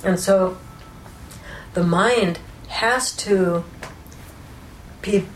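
A woman giving an unscripted spiritual teaching, explaining ideas calmly and often checking in with "right?" and "you know". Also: mid-range voice, drawn-out words. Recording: roomy echo with faint background noise.

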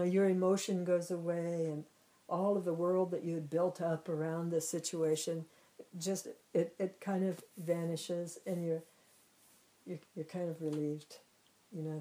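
Woman teacher, lowish voice, chatty and repetitive in a talk on a spiritual theme. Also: mellow, rough recording. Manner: conversational, frequent "you know", restarts and repeats.

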